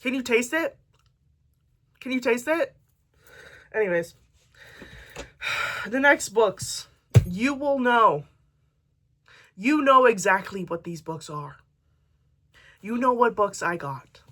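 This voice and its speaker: A woman's voice: a little high, lively intonation, takes it slowly, pauses often, a bit bright. A woman book vlogger chatting casually to camera, reading book blurbs aloud with jokey asides.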